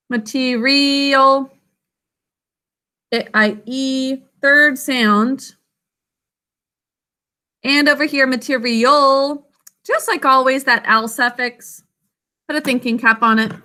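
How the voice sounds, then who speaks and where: In a spelling lesson, a woman with a bright, high-pitched voice reads words aloud slowly and with care, drawing each one out and splitting it into its sounds and syllables.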